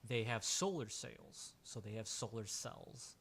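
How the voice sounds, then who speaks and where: A man's voice: lowish voice, expressive, a little slow, vocal fry, fairly bright tone, slight background noise. A man running a tabletop role-playing game as game master, narrating in a casual way with many fillers and restarts.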